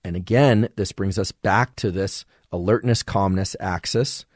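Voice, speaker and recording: A man hosting a podcast, giving a measured, professorial solo explanation of science. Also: low voice, no room sound, clean studio sound. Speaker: podcast host.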